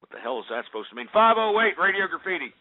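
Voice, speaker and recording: A man's voice: sits high, very animated, very fast, vocal fry. A man hosting a call-in radio show, brash and mocking, trading insults with callers. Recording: phone-like lo-fi broadcast audio.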